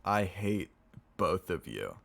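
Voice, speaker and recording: A man's voice: low voice, big pitch swings, slow pace, vocal fry, a bit bright, slight background noise. A man reading a novel aloud on a stream, narrating plainly and chatting with viewers between passages. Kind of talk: casual read-aloud narration.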